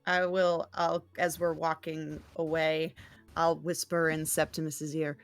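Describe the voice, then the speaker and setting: A woman playing a tabletop game, playful and quick to laugh. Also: low voice, little pitch movement, soft background music. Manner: giggly, playful. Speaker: player. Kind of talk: in-character tabletop play.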